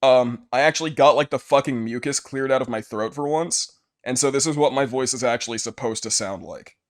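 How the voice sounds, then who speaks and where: A man's voice: mid-range voice, a little fast. A man streaming a visual novel, reading its narration aloud and cracking crude jokes with a friend. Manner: profane, jokey, reads narration aloud. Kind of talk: casual let's play, reading game text aloud.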